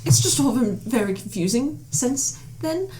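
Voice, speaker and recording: A woman plays her character in a tabletop game, her fairly high voice rising and falling in a lively way. She speaks hesitantly, stopping and restarting as she works through her thoughts. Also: a little slow. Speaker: player. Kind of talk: in-character tabletop role-play.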